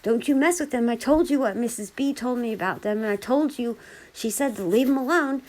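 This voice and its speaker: A woman's voice: fairly high pitch, a little fast, a little mellow, pitched above the performer's own voice, close to an everyday voice, poor audio. A woman voicing a worried, earnest rural neighbor who pleads and insists. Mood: pleading.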